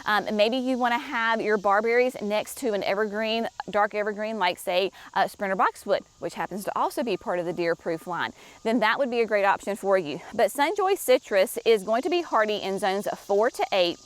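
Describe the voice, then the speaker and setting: A woman's voice: medium pitch, normal speed. A woman presenting shrubs at a garden nursery, talking chattily and enthusiastically straight to her viewers. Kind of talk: casual product walkthrough for viewers.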